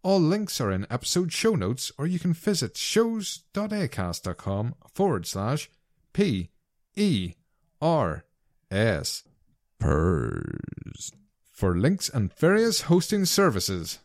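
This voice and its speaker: Lively, dry-teasing podcast host man. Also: medium pitch, takes it slowly, no room sound. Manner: dry teasing, reads listener mail. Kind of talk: casual chat. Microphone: podcast microphone.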